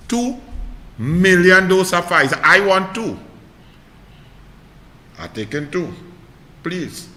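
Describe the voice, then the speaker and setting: A man with a Trinidadian accent ranting on politics, mocking and loud, swinging from shouts to low muttering. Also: reverberant, big-room sound. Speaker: online commentator. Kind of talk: animated political rant.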